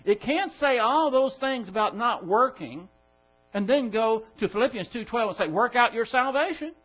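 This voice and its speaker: Male Bible teacher, high voice, emphatic, quizzing the class; dull lo-fi recording. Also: expressive, normal speed. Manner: emphatic, rhetorical questions to the class. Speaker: pastor.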